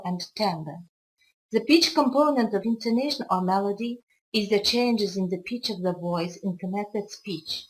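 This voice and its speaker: A woman's voice: mid-range voice, slight background noise, low-quality recording. Woman teaching a careful English lesson. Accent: Kazakh. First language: Kazakh. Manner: slow, careful explanatory delivery with occasional restarts. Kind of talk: recorded video lesson lecture.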